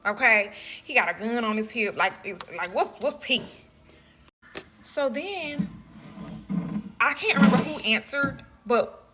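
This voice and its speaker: A woman telling a personal story in a casual, animated way, full of "like" and "you know what I'm saying". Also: fairly high pitch, measured pace, long pauses, noisy background.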